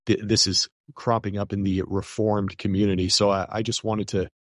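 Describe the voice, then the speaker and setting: Male guest, lowish voice, earnest and casual, hedges a lot, dry close recording. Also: little pitch movement, normal speed, fairly bright tone, no echo. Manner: casual, hedging with "kind of", earnest. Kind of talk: conversational talk show guest.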